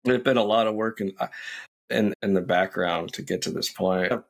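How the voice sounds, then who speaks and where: A man in his thirties, a podcast guest, telling a personal story in a slow, reflective, candid way. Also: fairly low pitch, creaky.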